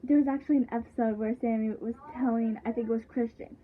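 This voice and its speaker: A woman's voice: a little high, fairly even intonation, quick pace, slight background noise. A woman chatting casually as she recaps a show, rambling with lots of fillers and restarts. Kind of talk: casual chat. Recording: tinny phone-like sound.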